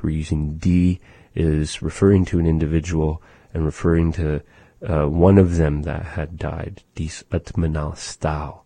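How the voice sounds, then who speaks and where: A man slowly explaining words and phrases in a language lesson, patiently repeating each word for the listener. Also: low-pitched, gravelly, mellow, slightly rough, no room sound. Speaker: language teacher.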